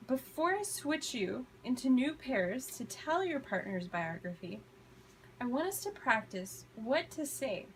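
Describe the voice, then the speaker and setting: Woman teacher, kinda high voice, talks real slow n clear to her class, faint room hum behind. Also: low-quality recording. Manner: slow, deliberate modeling of phrases, encouraging praise. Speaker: ESL teacher.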